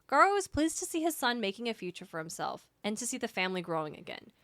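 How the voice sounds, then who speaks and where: A woman's voice: mid-range voice, very animated, fast, fairly bright tone, dry recording. A woman co-hosting a book podcast, chatting casually with lots of fillers and reading passages aloud. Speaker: podcast co-host.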